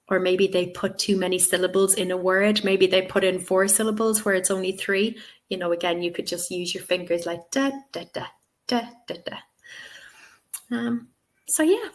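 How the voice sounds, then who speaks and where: A woman teacher answering questions in a live webinar, chatty and encouraging, with many ums and okays, on a webcam. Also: mid-range voice. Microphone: webcam on video call.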